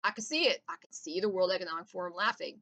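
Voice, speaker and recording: A woman's voice: on the low side, fast, pushed and bright, rough recording. A woman in a casual, profane, intense rant with laughing asides.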